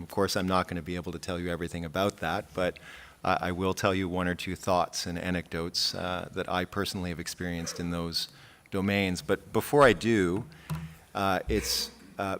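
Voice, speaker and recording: A man's voice: low-pitched, a bit bright. A man speaking as defense counsel on a panel, laying out his points in a methodical, formal way. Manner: methodical, structured, formal word choice. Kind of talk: prepared panel talk.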